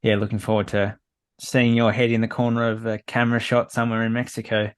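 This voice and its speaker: Flat-toned Australian podcast host. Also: male voice, medium pitch, quick pace, smooth. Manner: friendly, thankful, easygoing. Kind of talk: casual interview sign-off.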